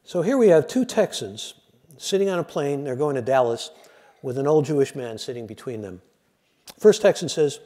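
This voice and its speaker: An older man with a medium-pitched voice and moderate pace delivers a lecture; he is a lecturer and radio host. He tells jokes with animated flair, acting out the voices in them.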